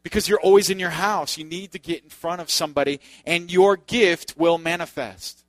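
A man's voice: a little high, moderate pace, no room sound. A man preaching a sermon in a loose, conversational way, with joking asides to the congregation. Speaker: pastor.

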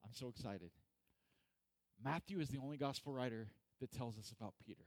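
A man's voice: medium pitch, a little fast, no echo. Guy giving a chatty sermon, jokey, does little voices, dry sound. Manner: animated, joking, acts out voices. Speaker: pastor. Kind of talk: casual sermon. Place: church hall.

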